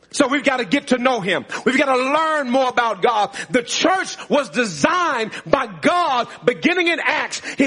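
Man, pastor, very high voice, animated delivery, laughing often. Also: breathy edge. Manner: preaching with call-and-response, frequent laughter. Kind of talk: sermon. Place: church sanctuary.

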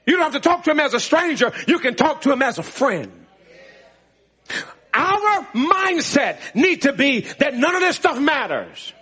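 Very animated and very high-pitched, this pastor's bright, forceful voice moves a little slowly. Preaching in a church sanctuary, he calls out to his congregation for responses and breaks into laughter often.

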